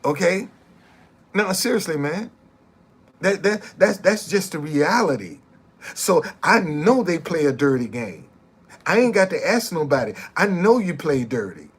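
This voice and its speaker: A man's voice: on the high side, sing-song, a little slow, husky. A middle-aged man, a former bus driver, telling his story in casual, emphatic talk and repeating his points.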